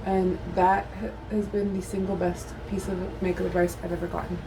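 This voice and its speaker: A woman's voice: fairly low pitch, little pitch movement, brisk, vocal fry, noisy background. A woman vlogger chatting casually at home while doing her makeup. She is a mother of a toddler who rambles, swears freely and mocks herself. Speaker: beauty vlogger.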